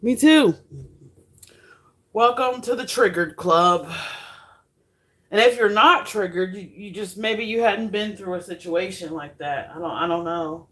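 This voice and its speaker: A woman's voice: mid-range voice, normal speed, few pauses, fairly bright tone. A woman talking frankly to her viewers in a casual monologue, swearing and laughing often while she cooks. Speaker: vlogger.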